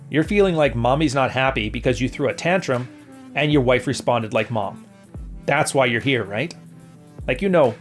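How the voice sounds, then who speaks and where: A man hosting a podcast, giving blunt, profane relationship advice and mocking the voices he quotes. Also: mid-range voice. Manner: blunt and profane, mock-quoting others. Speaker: podcast host. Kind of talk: casual advice commentary.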